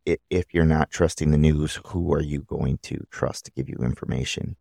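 A man's voice: a bass voice, vocal fry, mellow, dry recording, clean studio sound. A middle-aged man hosting a solo podcast, giving opinions in a rambling way with many restarts. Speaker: podcast host.

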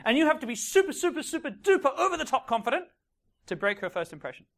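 A man giving a lively seminar talk to a room of listeners. He acts out scenes as he goes and keeps checking in with the crowd. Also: very high voice, fast, gravelly. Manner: animated, acts out scenes, frequent checks like "right?" and "okay?". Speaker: dating coach. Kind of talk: live seminar talk to an audience.

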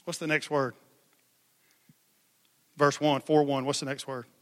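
Bright-voiced male pastor preaching. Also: fairly high pitch, flat delivery, measured pace. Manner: emphatic, conversational, call-and-response. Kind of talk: sermon. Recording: long hall reverb.

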